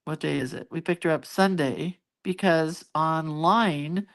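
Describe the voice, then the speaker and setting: A woman's voice: sits low, a little slow, creaky. A middle-aged woman chatting casually with viewers, rambling along with fillers and restarts. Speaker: host. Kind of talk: casual chat to live viewers.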